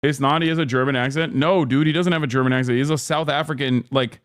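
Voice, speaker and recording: A man's voice: mid-range voice, steady tone, rapid-fire, no room sound. Man, streamer, casual reaction chat, swears a lot, dry sound. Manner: blunt, swears freely, talks to chat.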